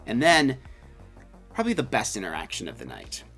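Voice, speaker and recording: A man's voice: medium pitch, a little fast, soft background music. A man reviewing a haunted house in casual chat, telling it animatedly with lots of fillers. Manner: animated storytelling, many fillers.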